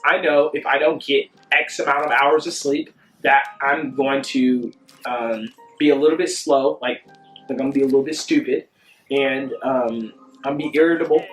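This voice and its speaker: A young adult man giving a casual motivational talk, animated and sing-song, often asking "you see what I'm saying?". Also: mid-range voice, normal speed, reverberant, faint music behind. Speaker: self-help vlogger.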